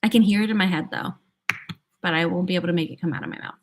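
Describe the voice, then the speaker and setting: A woman's voice: fairly low pitch, racing, slight background noise. Giggly young woman chatting on a livestream. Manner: chatty, giggly, thinks aloud with many "like"s. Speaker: livestream host. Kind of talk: casual chat answering viewers.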